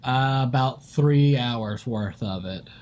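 A man's voice: mid-range voice, takes it slowly, darkish tone. A man co-hosting a casual podcast, laid-back and mostly giving short agreeing replies. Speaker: podcast co-host. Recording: slightly dull lo-fi mic.

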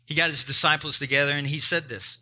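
Bright, high-voiced man preaching. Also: steady tone, fast talker. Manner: emphatic, joking preaching that talks straight to the congregation. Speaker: pastor. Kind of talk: sermon.

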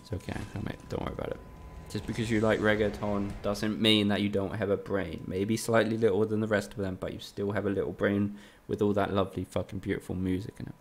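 A man's voice: on the low side, level tone, fast talker, vocal fry, hardly any pauses, a little hiss or hum. A man from the UK, streaming a game live and trading teasing, sweary banter with his chat. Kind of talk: casual live-stream commentary.

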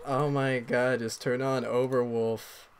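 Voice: mid-range voice, little pitch movement, slow pace, slight background noise. A friend in a casual gaming chat who curses and complains about the game. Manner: cursing, frustrated game reactions.

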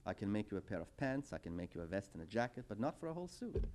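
A man's voice: on the low side, big pitch swings, racing, a little mellow, a little hiss or hum, pitched below the performer's own voice. A man lecturing, voicing a shrewd little old male tailor in a joke with a sly, understated delivery.

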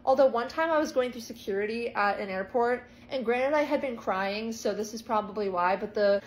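A woman in her twenties telling a casual storytime vlog, chatty and self-deprecating, with quick asides. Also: a little high, slight background noise, poor audio. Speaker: TikTok storyteller. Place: parked car in the rain. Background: faint rain ambience.

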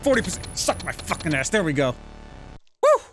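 A man giving live gameplay commentary, exasperated and swearing, yelling at the game as he plays. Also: a little high, expressive, fast, slight background noise, rough recording. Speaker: gaming channel host.

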